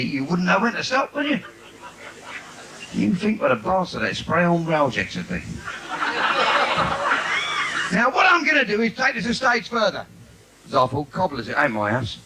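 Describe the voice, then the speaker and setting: A man doing bawdy stand-up in a live cabaret, brash and cheeky, now and then breaking into shouted asides. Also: medium pitch, creaky. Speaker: stand-up comedian. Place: live theatre stage with audience. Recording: noisy live 1980s theatre recording.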